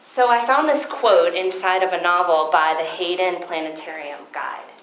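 A woman giving a Christian seminar talk at a conference. She tells stories in an animated way and acts out her own past thoughts. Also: on the low side, moderate pace, reverberant, a little hiss or hum, low-quality recording. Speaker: conference speaker.

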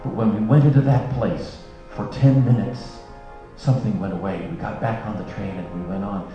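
An earnest man tells a story in a sermon, his fairly low voice dropping to a hush at the most moving moments. The sound is dull and lo-fi, ringing around a big echoey hall. Music plays clearly behind him. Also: steady tone, normal speed. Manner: earnest storyteller, softening to a hush at emotional peaks. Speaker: speaker.

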